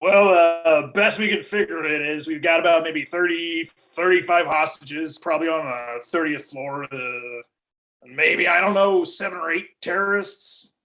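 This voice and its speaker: An actor reading a clumsy, bumbling police chief in a comedic staged reading, hesitating and filling with ums. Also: male voice, a little high, unhurried, sharp tone. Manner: bumbling, hesitant, filler-heavy.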